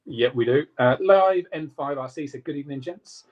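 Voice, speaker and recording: A man co-hosting a casual live stream, reading out viewer comments in a quick, jokey way. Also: on the high side, highs cut off. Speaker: co-host reading live chat.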